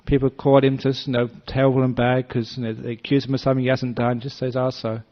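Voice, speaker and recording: Animated monk telling a story. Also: male voice, mid-range voice, quick pace. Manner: animated storyteller, acts out voices, gentle humor. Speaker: Buddhist monk teacher. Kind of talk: dharma talk with storytelling. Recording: slightly dull lo-fi recording.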